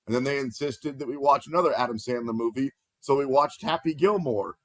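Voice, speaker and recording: A man hosting a sports betting show, playful and energetic, reading out odds and plugging the network. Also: mid-range voice, fairly quick, dry recording.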